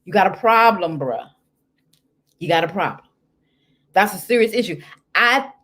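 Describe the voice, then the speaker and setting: A woman's voice: medium pitch, moderate pace, long pauses. Sassy woman host reading confessions. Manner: sassy, animated, talks straight to the listener. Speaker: host and life coach. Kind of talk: casual chat reading listener confessions.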